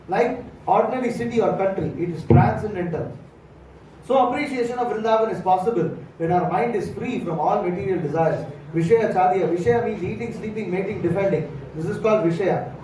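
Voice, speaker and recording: South Indian man, high mellow voice, temple lecturer; roomy distant mic, faint hum. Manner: storytelling, acts out dialogue, many fillers. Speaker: monk lecturer. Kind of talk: morning lecture. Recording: echoey hall, far from mic, faint hum.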